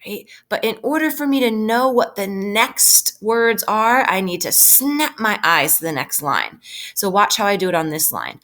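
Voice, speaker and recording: A woman teacher giving a recorded reading lesson to children, patient and slowing down to stress key phrases, often checking in with "right?". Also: lowish voice, animated, fairly bright tone. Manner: patient, with frequent tag "right?". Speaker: elementary school teacher.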